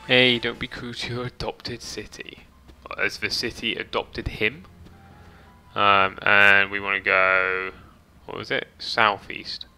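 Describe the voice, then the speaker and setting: A man's voice: lowish voice, little pitch movement, takes it slowly, sharp tone, smooth. A man chatting casually as he streams a game, reading chat and swearing lightly, with faint game music behind. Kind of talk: casual gameplay commentary.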